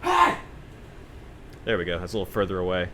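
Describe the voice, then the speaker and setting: A man's voice: sits low, fairly even intonation, very fast, very noisy. A young man hosting his own podcast, rambling in a sarcastic, profane, self-mocking monologue. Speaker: podcast host.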